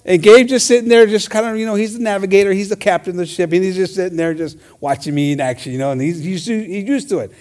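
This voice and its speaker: High-voiced energetic preacher man. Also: fast talker, few pauses. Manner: energetic, punctuated with amen. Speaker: preacher on church radio. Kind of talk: bilingual sermon.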